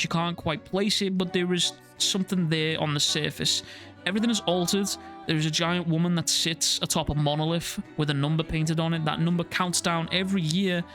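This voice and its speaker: A man's voice: on the high side, a bit bright. A young man narrating a scripted video game review, with casual, profane asides.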